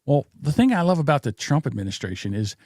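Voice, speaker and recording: A man's voice: medium pitch, very animated, fast, a little mellow, dry recording, studio quality. An older man co-hosting a podcast, telling rambling stories and giving blunt, opinionated takes in casual chat. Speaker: podcast co-host.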